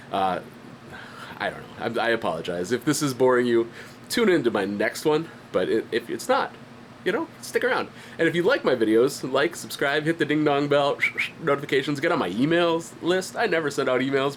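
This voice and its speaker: A man's voice: medium pitch, slight background noise. A man giving a casual, rambling vlog update about his art business, stuffy-headed with a light cough and lots of fillers. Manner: rambling, self-deprecating, frequent fillers and restarts. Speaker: independent artist and channel host. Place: home studio.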